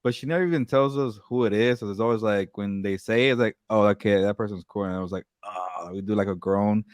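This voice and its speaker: A man co-hosting a sports podcast in casual chat, talking quickly with halting restarts and repeated words. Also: fairly low pitch, clear, resonant tone, dry recording, studio quality. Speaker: podcast co-host.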